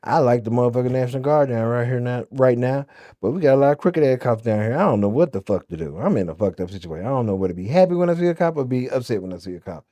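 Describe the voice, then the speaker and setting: A man's voice: mid-range voice, animated, racing, mellow, no room sound. A man with a Memphis Southern accent, ranting and telling a story in a blunt, profane way. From Memphis, USA. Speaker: vlogger. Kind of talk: casual storytelling rant.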